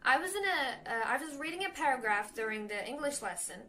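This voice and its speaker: A young woman with a Turkish accent, a Turkish native speaker, chatting nervously in a casual advice vlog, halting with many fillers and self-corrections. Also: high voice, animated, bright, forceful tone, a little hiss or hum. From Turkey. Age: young adult. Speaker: language learner vlogger.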